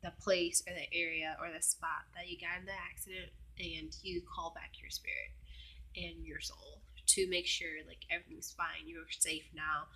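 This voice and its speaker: A woman's voice: lowish voice, flat delivery, normal speed, bright, forceful tone, breathy edge. A young woman telling a personal story in a casual vlog, chatty and full of fillers, sometimes dropping to a whisper. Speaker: vlogger.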